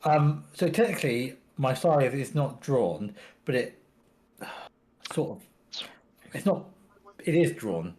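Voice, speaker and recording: A man's voice: medium pitch, very animated, slow pace, long pauses, a little mellow. A man playing a tabletop game, rambling as he thinks aloud through his character's next move. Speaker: player. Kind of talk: casual tabletop game chat.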